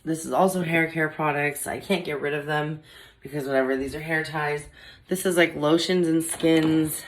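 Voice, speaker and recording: A woman's voice: low voice, steady tone, moderate pace, rough recording. A woman vlogging at home into her camera, a mother chatting casually and rambling with lots of "like" fillers. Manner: rambling, heavy use of "like" fillers.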